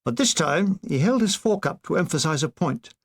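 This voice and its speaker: A man's voice: a little high, expressive, normal speed. An older man reading his own war memoir aloud, with dry comic timing. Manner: dry comic delivery with brief put-on voices. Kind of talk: audiobook narration.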